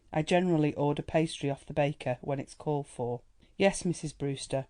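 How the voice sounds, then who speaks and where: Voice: mid-range voice, mellow, close to an everyday voice. A reader voicing a prim young housemaid who answers her mistress coolly and firmly, in a storybook reading. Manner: cool, clipped and disapproving.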